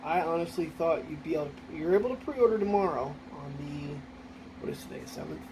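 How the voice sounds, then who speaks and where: Filmed on a phone camera, this vlogger chats and teases a puppy during a walk in a windy park playground, with leaves, wind and traffic plainly audible. The mid-range voice swings widely in pitch and moves a little fast.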